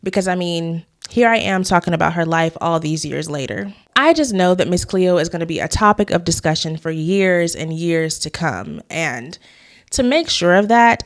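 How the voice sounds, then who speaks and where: A woman hosting a commentary vlog, talking conversationally and giving her opinions straight to the viewers. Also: fairly low pitch. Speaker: YouTube host.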